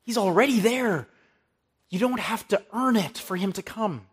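A man's voice: sits high, normal speed, slightly rough. A man preaching an earnest sermon from the pulpit, quoting scripture and naming the references.

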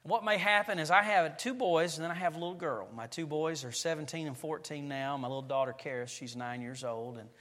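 Forceful preacher man in a reverberant church. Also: on the high side, a little fast, few pauses. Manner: animated storytelling preacher, acting out family scenes. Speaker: pastor. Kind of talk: sermon. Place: church sanctuary.

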